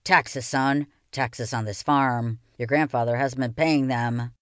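A woman's voice: a bass voice, steady tone, slow pace, dry recording, studio quality. A woman voicing a stern, curt male tax official from the city in a read-aloud children's novel. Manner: curt, demanding.

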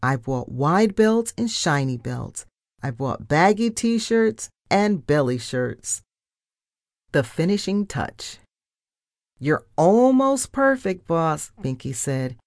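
Slow, low-voiced woman reading aloud. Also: no room sound, clean studio sound. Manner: deliberate, expressive narration. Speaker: storybook reader. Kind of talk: children's book read-aloud.

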